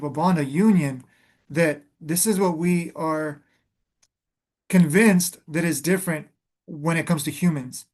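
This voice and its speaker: A man's voice: fairly high pitch, darkish tone. A man hosting a reflective spiritual conversation, speaking earnestly and calling the listener "beloved", often restarting his phrases as he searches for words.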